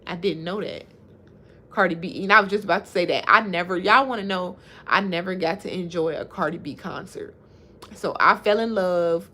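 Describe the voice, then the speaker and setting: Reacting to viewer comments on her casual livestream, this woman in her thirties speaks at normal speed in a lowish, sharp-toned voice and laughs frequently as she chats.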